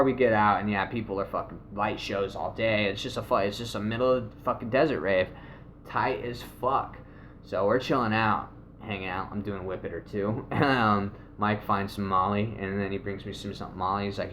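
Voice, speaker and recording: A man casually telling a rambling, animated story, swearing often and acting out what people said. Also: fairly low pitch, moderate pace, a little hiss or hum. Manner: rambling, animated, swears a lot, acts out quotes. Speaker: video host.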